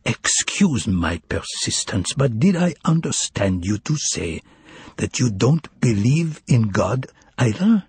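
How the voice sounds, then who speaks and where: A man's voice: medium pitch, very animated, takes it slowly, darkish tone, breathy edge, no room sound, heavily acted. A man reading an audiobook voices an eccentric, overly polite male foreign stranger with a put-on foreign accent, drawing out his exclamations. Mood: furtive.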